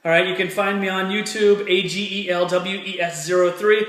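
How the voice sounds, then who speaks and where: A fired-up man talks straight to camera in a motivational style, his voice sitting high for a man. He is earnest and hammers his points home by repeating them. The room around him is echoey. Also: steady tone, moderate pace, a bit bright. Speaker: motivational speaker. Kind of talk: personal story and motivational talk to camera.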